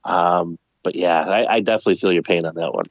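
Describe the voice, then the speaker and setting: Dude cohost chatting casual, laughs a lot, kinda muffled dry sound. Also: male voice, deep voice, fairly even intonation, quick pace, no room sound. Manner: laughs often, chimes in with short replies. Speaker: podcast co-host. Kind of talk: casual chat.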